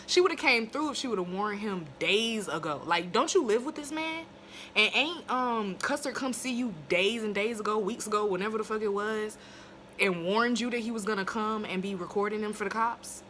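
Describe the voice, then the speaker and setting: A woman's voice: medium pitch, moderate pace, a bit bright, a little hiss or hum. A woman casually reviewing a TV episode into her phone. She swears freely, talks in long run-on asides, and gets fired up and indignant. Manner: fired-up and indignant when ranting.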